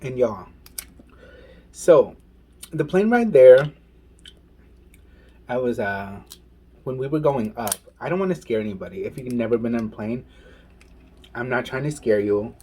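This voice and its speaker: A man vlogging while eating, telling a story in a casual, animated way and saying "y'all". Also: mid-range voice, measured pace, long pauses, a little hiss or hum. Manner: animated, says "y'all" and "oh my goodness". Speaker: mukbang vlogger.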